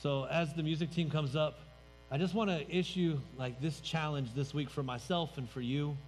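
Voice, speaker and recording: In a reverberant church hall with faint music, a male pastor preaches conversationally and emphatically, his fairly high voice steady in tone. He talks at normal speed and lets his voice drop as phrases end.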